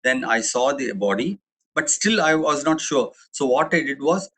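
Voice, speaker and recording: Husky-voiced Indian English doctor. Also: male voice, mid-range voice, lively intonation, moderate pace, pushed and bright, rough recording. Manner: chatty and digressive, with frequent restarts and fillers. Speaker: doctor giving a webinar talk. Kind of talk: anecdotal public talk.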